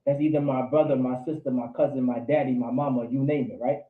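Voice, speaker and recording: A man's voice: medium pitch, steady tone, quick pace. A man teaching a Bible class, quizzing his students and repeating key points for emphasis. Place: indoor meeting room with a class. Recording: tinny, echoey lo-fi room recording.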